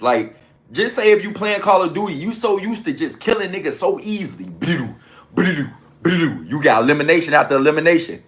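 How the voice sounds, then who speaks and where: Dude ranting on camera, fast slang, kinda high voice, does gunshot noises. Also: male voice. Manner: slangy, animated, makes gunshot sounds. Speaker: commentary host. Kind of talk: casual commentary rant.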